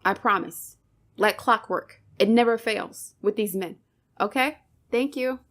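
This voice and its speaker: A woman's voice: mid-range voice, a little slow, a bit bright. A woman hosting her own channel, giving an impassioned commentary monologue, emphatic and preachy, firing off rhetorical questions and swearing.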